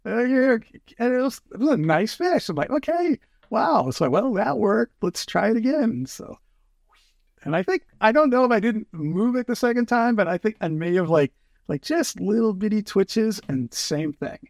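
A man's voice: high voice, animated, normal speed, dry recording, studio quality. A man telling fishing stories in casual chat, acting out quotes with lots of fillers. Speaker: fly fishing guest.

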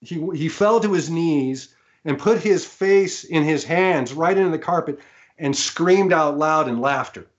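Guest, male: animated storyteller with a slightly high voice, stumbles and laughs, dull lo-fi sound. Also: a little slow. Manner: animated, laughs often, many restarts. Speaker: guest, studio engineer. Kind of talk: anecdotal storytelling. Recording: slightly muffled remote audio.

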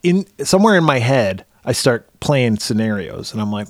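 Animated, swearing middle-aged podcast man. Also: mid-range voice, moderate pace, few pauses, no echo, studio quality. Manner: animated storyteller, swears freely. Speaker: podcast co-host. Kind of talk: casual chat.

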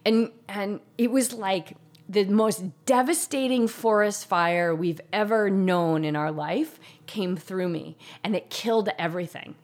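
A woman's voice: mid-range voice, unhurried, darkish tone. A woman telling a painful personal story in an intense, confessional way, saying "like" often. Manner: intense, confessional, heavy use of "like".

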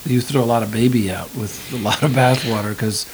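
A middle-aged man speaks in a relaxed interview, circling his thoughts with frequent restarts and self-corrections. His voice sits at an ordinary pitch, and a faint hiss runs under the recording. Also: a little fast, poor audio. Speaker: actor and acting teacher. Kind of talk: conversational interview.

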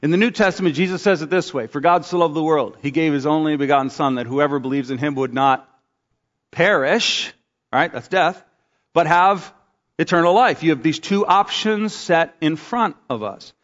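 A man preaching a sermon as pastor, telling stories with lively acted-out quotes. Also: normal speed. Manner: animated storytelling, acts out quotes with big pitch jumps. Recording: dull sound with long hall reverb.

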